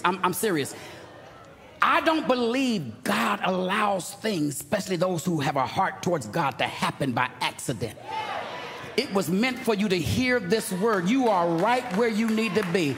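A male pastor preaching a sermon, emphatic and rising to shouts with call-and-response to the congregation. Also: sits high, animated, normal speed, a little hiss or hum. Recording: reverberant hall, faint ambience.

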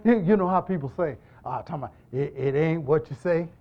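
A man preaching a sermon in an animated, emphatic style, repeating lines and moving between loud and hushed delivery. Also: fairly high pitch, a little fast, dull audio. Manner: repetitive, emphatic call-and-response delivery.

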